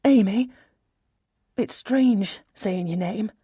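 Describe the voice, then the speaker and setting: A woman's voice: mid-range voice, slow, dark tone, breathy edge, dry recording, clean studio sound, voice pushed up. A woman narrator voicing an older motherly woman who speaks affectionately and coaxingly. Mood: tender.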